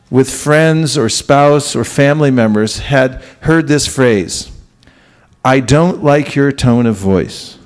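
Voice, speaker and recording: A man's voice: a little high, a little mellow. A man giving a spiritual lecture to a live audience, talking conversationally and often putting questions to the listeners. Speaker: spiritual teacher.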